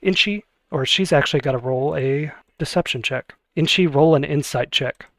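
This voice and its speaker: A man narrating a tabletop game as game master, in a relaxed, casual storytelling way. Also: on the high side, moderate pace, no room sound.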